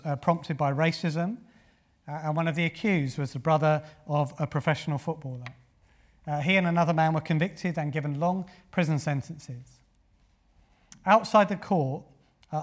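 A man delivering a sermon in a slightly high-pitched voice. He speaks earnestly, puts rhetorical questions to his listeners and presses his key points with rising force. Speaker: preacher.

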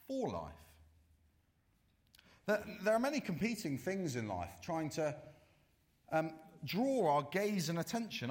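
Expressive male preacher with lively pitch. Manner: dramatic swings from loud to hushed, slow emphatic warnings. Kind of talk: sermon.

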